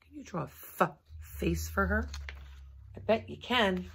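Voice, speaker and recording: A woman teaching a recorded remote lesson to young children, animated and sing-song as she coaxes them along. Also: medium pitch, a little slow, creaky, slight background noise. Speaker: kindergarten teacher.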